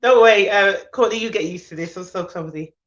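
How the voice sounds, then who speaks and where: Speaking a little fast in a mid-range voice, a drowsy woman who works in childcare as a nanny and expert hosts an informal live stream. She greets her viewers individually by name, chats comfortably and laughs frequently. The phone or laptop audio is dull and lo-fi.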